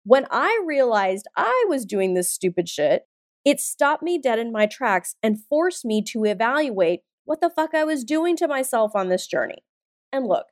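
Her voice sits high as this forties-aged woman hosts a motivational podcast, swearing plenty while she talks in a blunt, emphatic, punchy manner. The recording is dry studio sound carrying faint music.

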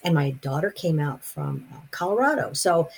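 A middle-aged woman from California speaks in a low, gravelly voice with a husky edge. She tells her story haltingly, pausing on fillers and restarting her phrases. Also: lively intonation. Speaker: guest telling her near-death experience. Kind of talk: personal storytelling in conversation.

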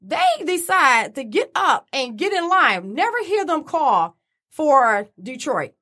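A woman telling a story in casual chat, animated and swearing freely as she acts out quotes. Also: sits high, slow.

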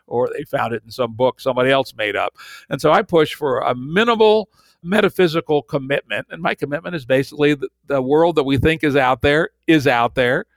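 A man's voice: mid-range voice, a little fast, no echo. Older guy hosting a podcast, blunt and wry, dry close sound. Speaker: podcast host. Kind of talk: casual conversational interview.

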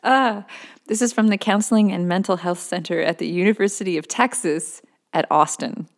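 A woman's voice: medium pitch, normal speed. A woman co-hosting a casual chat, asking questions and laughing often.

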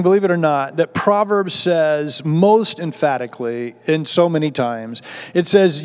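A man preaching a conversational sermon as pastor, often repeating words as he restarts a thought. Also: fairly high pitch.

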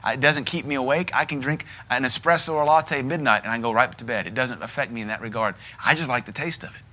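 A man's voice: mid-range voice, fast, sharp tone. A middle-aged man with a Southern US accent, preaching a sermon in a blunt, emphatic way with lots of repetition. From American South. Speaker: pastor.

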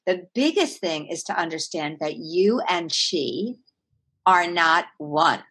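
An earnest woman author speaking as a guest in an interview. Her voice sits a little low and swings widely in pitch and loudness as she explains. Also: expressive, slow pace, husky. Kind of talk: conversational interview.

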